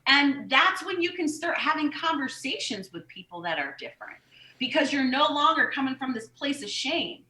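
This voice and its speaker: A woman's voice: high-pitched, big pitch swings, normal speed, bright, forceful tone, reverberant, rough recording. A woman who teaches yoga, guesting on a casual podcast, speaking candidly and swearing offhand.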